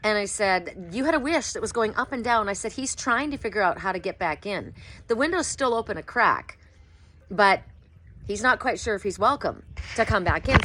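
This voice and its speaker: In a laid-back outdoor vlog, a middle-aged oracle card reader describes her sessions, her account punctuated again and again by high, excited exclamations.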